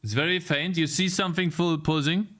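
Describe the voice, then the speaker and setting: A man's voice: fairly high pitch, fairly even intonation, a little fast, a bit bright. A young man streaming himself programming, muttering through bugs and talking to his chat. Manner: frustrated muttering while debugging, talking to chat. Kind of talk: live coding stream chat.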